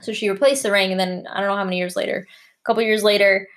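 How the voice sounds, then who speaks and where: A woman's voice: mid-range voice, steady tone, fast talker, fairly bright tone. A woman co-hosting a casual podcast, telling stories in a blunt, dry way. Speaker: podcast co-host. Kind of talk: casual chat.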